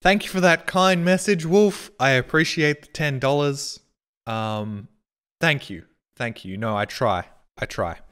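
A man streaming a game, swearing and shouting at his chat while he plays. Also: mid-range voice, unhurried, clear, resonant tone. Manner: excitable, swears a lot, yells at chat. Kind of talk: live gameplay commentary.

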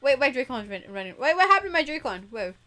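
A young woman chatting casually and giggling on a gaming livestream, excitable and quick to squeal. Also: high-pitched. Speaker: streamer. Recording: music playing faintly behind.

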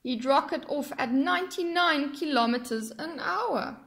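A woman reading a rhyming children's picture book aloud in an expressive, sing-song way. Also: sits high, measured pace, gravelly. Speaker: storyteller.

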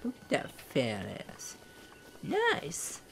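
An excitable gaming YouTuber narrates their own play, with a voice that leaps up and down through every reaction. They swear freely, joke at their own expense and take their time getting the words out. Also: medium pitch, drawn-out words, vocal fry, husky. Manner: excitable, swears a lot, goofy self-mocking. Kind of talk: let's play commentary.

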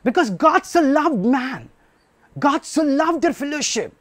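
A man's voice: extremely high pitch, sing-song, a little slow, fairly bright tone, no room sound. A man preaching a sermon, emphatic and repetitive, asking rhetorical questions.

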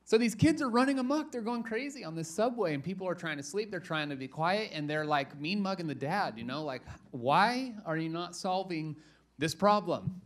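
A man's voice: sits high, animated, fairly quick, hardly any pauses. Joking man preaching a casual sermon. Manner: joking, chatty storytelling with lots of restarts. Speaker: pastor. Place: church.

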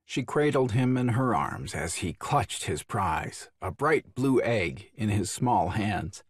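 A man narrating a children's storybook audiobook in an expressive way, with a husky voice. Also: fairly low pitch, slow, no echo, studio quality. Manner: expressive, voices each character.

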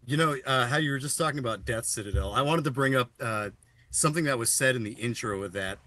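A man's voice: mid-range voice, quick pace, sharp tone, no echo. A man hosting a podcast, asking his guest questions in an easygoing, rambling way with many uhs. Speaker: podcast host. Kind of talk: casual chat.

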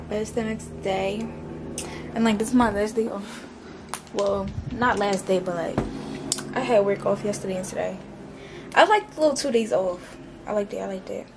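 Young woman vlogger, chatty and slangy with loose cursing, voice a touch high, faint background ambience. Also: slight background noise. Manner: chatty, slangy, curses freely. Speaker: vlogger and small business owner. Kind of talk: casual vlog chat.

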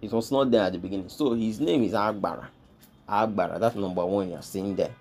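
A man's voice: lowish voice, a little mellow. Man repeating names emphatically. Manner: emphatic, repeats each name slowly several times. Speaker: history channel host. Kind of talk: explaining pictured lists of names.

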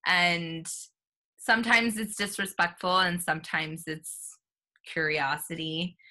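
A woman's voice: lowish voice, steady tone, slow pace, sharp tone. A woman hosting a podcast, responding in a supportive way with frequent ums. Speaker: podcast host. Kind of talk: casual interview chat.

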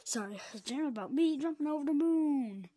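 A woman's voice: high voice, lively intonation, a little fast, warm tone, no echo. A woman voicing a cheerful, boastful cow who pushes his way in as a houseguest.

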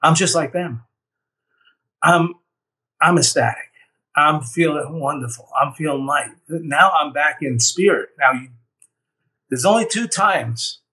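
A man's voice: fairly high pitch, sharp tone. Earnest man telling his story, slightly distant. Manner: earnest, heartfelt storytelling with frequent "you know". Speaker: near-death experience survivor. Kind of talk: personal testimony.

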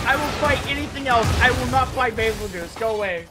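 A woman streamer giving excitable, chatty live gameplay commentary, breaking into mock-outraged rants. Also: fairly high pitch, brisk. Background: game music.

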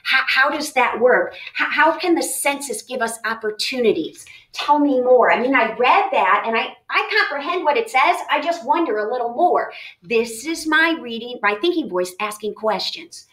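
Animated woman teacher thinking aloud. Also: fairly high pitch, normal speed, poor audio. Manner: lively, emphatic, thinks aloud with self-questions. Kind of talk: modeling a reading lesson for students.

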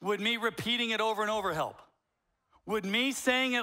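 Animated, bright-voiced male pastor preaching. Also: high-pitched, normal speed. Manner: animated, conversational preaching with acted-out examples. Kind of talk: sermon.

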